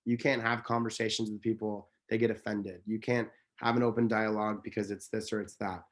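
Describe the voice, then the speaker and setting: A man appears as an interview guest, telling stories casually with earnest, passionate emphasis, rambling and correcting himself along the way. His voice sits lowish, moves little in pitch, and runs fairly quick.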